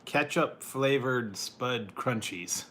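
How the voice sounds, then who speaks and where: A man's voice: medium pitch, slow, fairly bright tone, a little hiss or hum. A man hosting a casual food-review livestream, chatting with viewers, laughing often and greeting people by name. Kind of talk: casual live chat with viewers.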